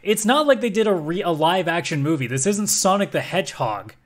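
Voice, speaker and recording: A man's voice: high-pitched, lively intonation, a little fast. A man co-hosting a gaming podcast, arguing his opinions emphatically in casual chat. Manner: emphatic, opinionated, argues points at length. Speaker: podcast co-host.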